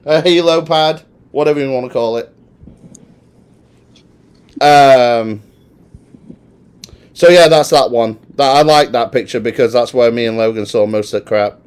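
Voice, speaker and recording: A man's voice: medium pitch, a little slow, pauses often, a little mellow, clear, resonant tone. A British man co-hosting a podcast, joking around while walking through photos. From Britain. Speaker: podcast co-host. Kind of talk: casual chat.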